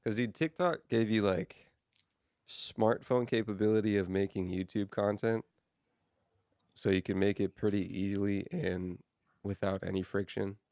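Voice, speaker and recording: Deep, gravelly laid-back young man. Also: a little mellow, no echo, studio quality. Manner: rambling, laid-back, says "dude" and "like" a lot. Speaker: podcast co-host. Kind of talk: casual chat.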